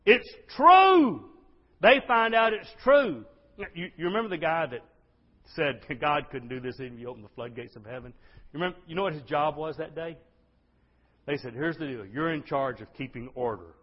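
An exuberant man preaching to his congregation, his husky voice leaping up in excitement and then dropping low. His middle-pitched tone comes through a dull, lo-fi recording. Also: a little fast. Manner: exuberant, swings from loud to hushed. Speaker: pastor. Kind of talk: sermon. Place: church sanctuary. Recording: dull lo-fi sound.

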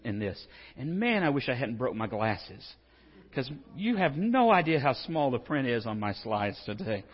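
A man giving a conversational sermon as a pastor, asking the congregation rhetorical questions and building to animated emphasis. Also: medium pitch, breathy edge, long reverb tail, dull audio.

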